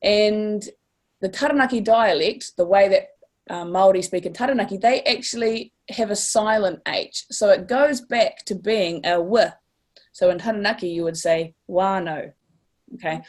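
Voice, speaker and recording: A woman's voice: mid-range voice, moderate pace, darkish tone. A woman with a New Zealand accent teaching a class, upbeat and encouraging, stretching words out to model sounds. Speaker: language teacher.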